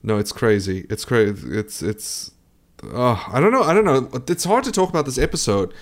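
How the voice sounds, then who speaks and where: A man's voice: medium pitch, very animated, moderate pace. Wry bemused man podcaster. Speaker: podcast co-host. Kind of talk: casual chat.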